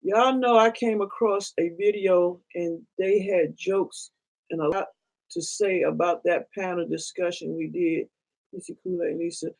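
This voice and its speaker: A woman co-hosting a casual chat, relaxed, making short asides and laughing often. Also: on the low side, unhurried, vocal fry, poor audio. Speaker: co-host of a couple's channel.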